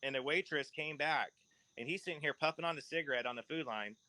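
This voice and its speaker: A man's voice: fairly high pitch, quick pace, sharp tone, no room sound, low-quality recording. A man hosting a casual podcast chat, telling long rambling stories with laughs mixed in. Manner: rambling storyteller, laughs mid-sentence. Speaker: podcast host.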